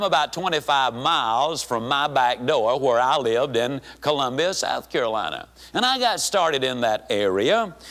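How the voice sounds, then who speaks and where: A man giving a storytelling speech in a folksy, animated manner. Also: a little high. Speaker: speaker.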